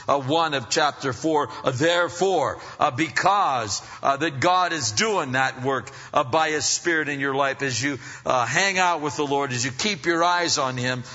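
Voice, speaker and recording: Animated preacher man in a reverberant hall. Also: mid-range voice. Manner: animated, swings from loud emphasis to soft asides. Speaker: pastor. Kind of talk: sermon. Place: church hall. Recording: dull sound, long hall reverb.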